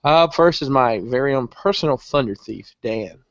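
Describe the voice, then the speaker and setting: A man's voice: medium pitch, normal speed, no echo, dull audio. A man hosting a podcast, opening the show and introducing the guests in an upbeat, hyped-up way. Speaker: podcast host. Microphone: video call.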